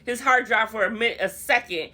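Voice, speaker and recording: A woman's voice: a little high, fairly quick, pushed and bright. A young woman recapping a reality TV episode in a chatty, slangy, gossipy way, calling her viewers honey and y'all.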